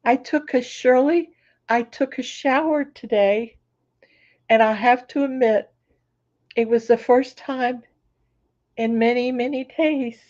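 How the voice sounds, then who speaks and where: Chatty hoarse woman, high and slow, mellow tone, live on a laptop. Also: dull audio. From Florida. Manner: chatty, greets viewers by name. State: hoarse, recovering voice. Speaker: crafting channel host. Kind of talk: casual livestream chat. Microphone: laptop microphone.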